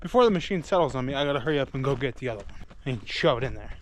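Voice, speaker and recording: A man's voice: medium pitch, expressive, racing. Joking man in a noisy farm shop. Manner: self-deprecating, joking, thinks aloud. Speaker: farm vlogger doing equipment repairs. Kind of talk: casual running commentary while working.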